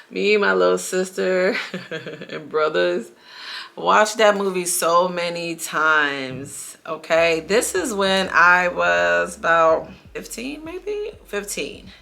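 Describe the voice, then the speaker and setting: A woman's voice: lowish voice, vocal fry, bright, forceful tone. A woman, chatting casually to viewers while doing her makeup, a bit dramatic. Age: 40s. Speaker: beauty vlogger.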